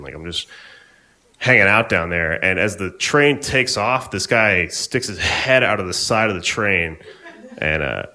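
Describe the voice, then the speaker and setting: A man's voice: sits low, sharp tone. A young man doing a stand-up comedy set on stage at a live venue, talking in a laid-back, rambling, offhand way.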